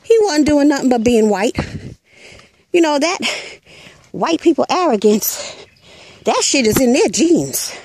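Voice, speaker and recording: A woman's voice: high voice, sing-song, measured pace, long pauses, darkish tone, no echo. A woman hosting her own channel, retelling a story in blunt, profane, casual commentary and punctuating her points with an emphatic "Hello.". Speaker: channel host.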